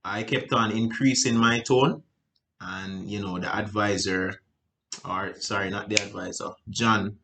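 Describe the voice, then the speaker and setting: A man's voice: on the low side, steady tone, a little slow, pushed and bright, slight background noise, rough recording. A man giving a sales training seminar, talking loosely and checking in with "right?" as he goes. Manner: rambling, repeats "right?" and restarts; acts out sales talk in changing tones. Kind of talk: seminar teaching.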